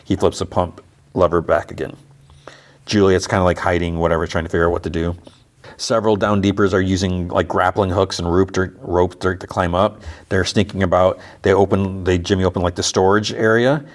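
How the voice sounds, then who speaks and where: A man's voice: sits low, level tone, fairly quick. A man hosting a podcast, casually retelling scenes and quoting the characters with constant "he's like" asides. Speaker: podcast host. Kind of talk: casual episode recap.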